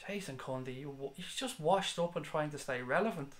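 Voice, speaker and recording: A man's voice: mid-range voice, a little fast, few pauses. A man who hosts a football fan channel and chats bluntly while reading out viewers' comments on a live stream. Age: 30s. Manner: blunt, sweary, passionate. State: has a headache.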